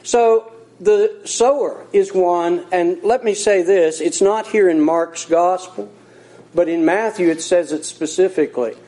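A man preaching a sermon as pastor, earnest and folksy, slowing down to stress key points. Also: high-pitched, warm tone, poor audio. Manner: earnest, folksy, slows for emphasis.

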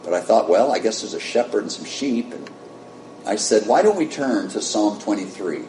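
American guy preaching a story, kinda low voice, roomy echo and a faint rumble behind. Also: expressive, normal speed, dark tone. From United States. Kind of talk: sermon storytelling. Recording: echoey room with faint rumble.

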